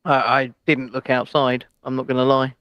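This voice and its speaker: A man's voice: mid-range voice, level tone, moderate pace, smooth, dry recording, dull audio. A man co-hosting a casual news chat show, talking in an opinionated, chatty way with hedging asides. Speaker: co-host.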